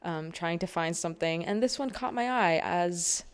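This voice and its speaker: A young adult woman hosting an open mic, chatting haltingly with many fillers before reading a poem aloud. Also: lowish voice, smooth. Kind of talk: casual stage introduction and poetry reading.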